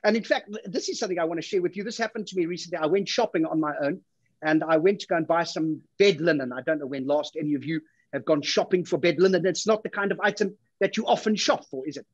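A South African man hosting an awards gala with a deadpan, self-mocking stand-up routine that keeps building into exasperation. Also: fairly high pitch, fast, no room sound, highs cut off. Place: home studio for a virtual event.

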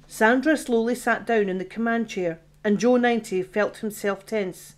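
A woman, the author, reading her own science fiction horror audiobook in a steady storytelling manner. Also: on the high side, moderate pace, hardly any pauses. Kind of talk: audiobook narration.

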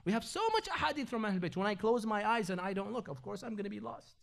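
A man with a notably high-pitched voice delivers a Ramadan lecture at an Islamic centre. He switches between recited Arabic sayings and English explanation. His talk is full of rhetorical questions put to the audience. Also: fast, creaky, a bit bright.

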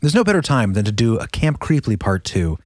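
A man's voice: mid-range voice, big pitch swings, fairly quick, dry recording, clean studio sound. A man co-hosting a podcast, chatting with enthusiasm and setting up the episode's theme. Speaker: podcast co-host. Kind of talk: casual podcast chat.

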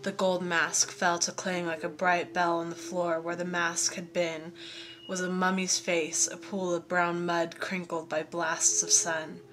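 A woman reading a story aloud as narrator, in a measured, steady manner. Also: lowish voice. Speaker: audiobook reader.

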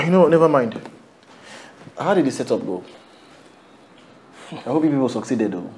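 A man's voice: medium pitch, sing-song, moderate pace, natural voice. An actor with a Nigerian accent playing a worried husband who confides his unease about his wife to a friend. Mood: uneasy.

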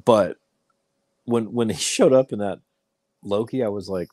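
A man's voice: fairly low pitch, measured pace, no echo. A man co-hosting a casual movie podcast, swearing freely and restarting his sentences. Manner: profane, excitable, trailing restarts. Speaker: podcast co-host.

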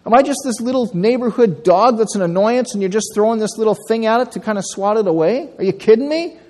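A preacher voicing an arrogant giant warrior who shouts taunts at his enemies. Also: high voice, quick pace, pitched above the performer's own voice, natural voice. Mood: indignant boasting. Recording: long church reverb.

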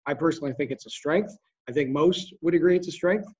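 A man lectures a small class on history in a loose, chatty way, breaking off into asides and restarting his sentences. His voice sits a bit high for a man. The recording is muffled and lo-fi. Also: breathy edge. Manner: conversational, with asides and quick restarts. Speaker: high school history teacher.

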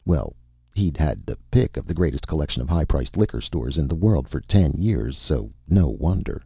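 A man with a gravelly, husky voice giving an animated first-person audiobook narration. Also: very deep voice, moderate pace, no room sound, highs cut off.

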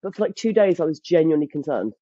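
Speaking quickly in a low voice, this thirties-aged podcast guest spins animated stories in casual conversation, frequently laughing and starting sentences over. There's no echo, just a dull, dry lo-fi recording.

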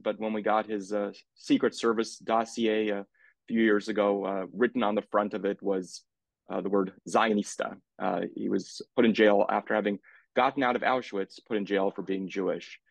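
A man with a fairly low voice speaks as a candidate over a video call. He talks haltingly, with frequent uhs, and his voice sounds dry and close. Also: gravelly, no echo. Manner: halting, many filler uhs. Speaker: congressional candidate. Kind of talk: candidate forum opening statement.

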